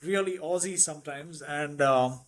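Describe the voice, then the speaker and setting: A middle-aged man with an Indian English accent chats casually as a podcast guest. His voice sits a little high, and he spins animated family anecdotes, slipping into the voices of the people he quotes. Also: moderate pace, a crowd in the background. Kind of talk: casual conversational storytelling.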